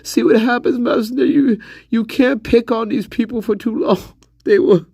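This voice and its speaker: A man voicing a heckler who teases the host in a soft, hesitant, rambling way. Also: very high-pitched, fairly even intonation, normal speed, vocal fry, breathy edge, dry recording, studio quality, voice pushed up, full character voice. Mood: teasing.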